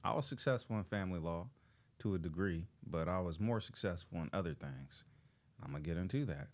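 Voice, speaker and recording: A man's voice: sits low, lively intonation, a little fast. A man in his thirties from Los Angeles, hosting a show and telling a story in a loose, slangy way, acting out the people he quotes. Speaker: show host. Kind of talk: casual storytelling to an audience.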